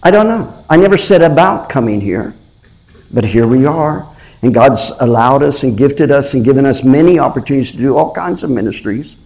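A man's voice: mid-range voice, lively intonation, normal speed, a little mellow, rough recording. A middle-aged man preaching a sermon, asking his listeners earnest questions and often repeating or restarting his phrases.

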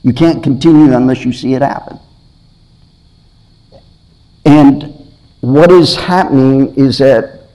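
A man's voice: fairly high pitch, a little mellow, rough recording. Earnest male preacher, questioning. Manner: earnest, questioning, repeats and restarts phrases. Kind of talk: sermon.

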